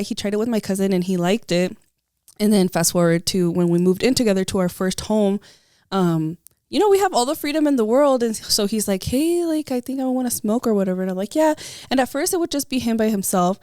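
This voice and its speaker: A woman's voice: medium pitch, lively intonation, a little fast, darkish tone, smooth, no echo, studio quality. Chatty young woman telling a story. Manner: chatty, lots of likes, laughs as she tells a story. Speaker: podcast co-host. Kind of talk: casual chat, storytelling.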